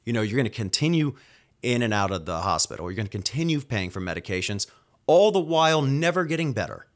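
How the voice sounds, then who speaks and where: Male nurse hosting a solo podcast rant: angry, cocky, sweary, talks in rapid bursts. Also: mid-range voice, very animated. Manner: angry, profane, rapid-fire venting.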